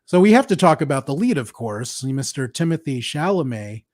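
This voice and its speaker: A man hosting a relaxed film review chat, laughing often as he shares strong opinions. His voice sits at an ordinary pitch, recorded close and dry with no room sound. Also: moderate pace, no room sound. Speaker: podcast host.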